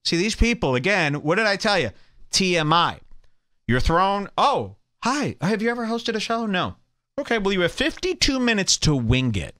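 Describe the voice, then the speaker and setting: Male podcast host, crude mocking banter, bright voice, swings his pitch a lot. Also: sing-song, moderate pace. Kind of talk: riffing commentary on played clips.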